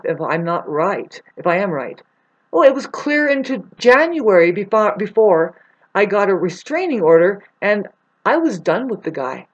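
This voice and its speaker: A speaker talks straight to the camera in a long, rambling personal monologue, emotional and quick to apologize. Sentences keep breaking off and starting over. The recording sounds muffled and lo-fi. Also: mid-range voice. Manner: emotional, apologetic, many restarts and asides. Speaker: self-described live performing artist. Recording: dull lo-fi recording.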